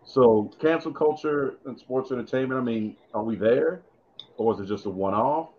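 A man's voice: medium pitch, moderate pace. A man co-hosting a casual wrestling chat, rambling and thinking aloud with many fillers. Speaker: podcast co-host. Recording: muffled lo-fi audio.

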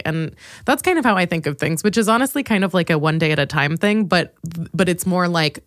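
A woman in her twenties hosting a comedic solo podcast, swearing freely and laughing at herself in an animated rush. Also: lowish voice, fairly quick, no echo, studio quality. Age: 20s. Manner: profane, self-mocking, animated, laughs a lot. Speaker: podcast host.

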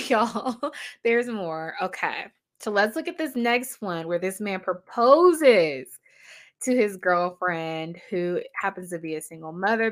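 A woman giving casual, emphatic reaction commentary, chatty and laughing often. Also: on the low side.

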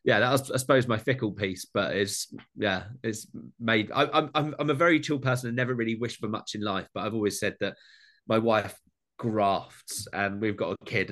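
A man's voice: on the low side, a bit bright. Man, British accent, young adult, laid-back, casual interview chat, swears freely. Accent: British English. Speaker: guest, food content creator.

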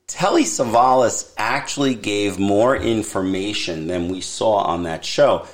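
A middle-aged man co-hosting a podcast, telling a ghost story with an animated, swooping delivery. He chats casually and drops into quick put-on voices for the people in the tale. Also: on the low side. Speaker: podcast co-host. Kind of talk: casual chat.

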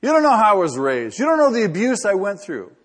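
A man's voice: high-pitched, wildly swooping pitch, fast talker, breathy edge, voice pushed up, full character voice. A man voicing a complaining, defensive churchgoer full of excuses, within a sermon. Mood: whiny. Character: whiny excuse-making male churchgoer.

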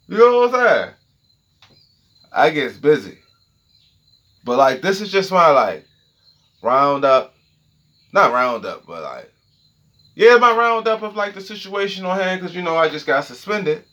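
Long pauses punctuate this man's unhurried, fairly high-pitched delivery. As host of his own podcast, he rants loosely and profanely from his home setup, animated, checking in with listeners and repeatedly asking "okay?".

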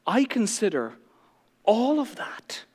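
A man's voice: high voice, huge pitch swings, takes it slowly, darkish tone, long reverb tail, full character voice. A preacher playing a condescending, boastful male scholar. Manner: condescending, self-satisfied boasting.

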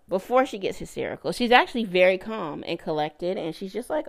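A woman hosting her own podcast, telling a personal story in a casual, animated way and acting out the voices in her quotes. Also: medium pitch, fairly quick, gravelly. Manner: animated, laughing, mimics voices in quoted lines. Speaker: podcast host.

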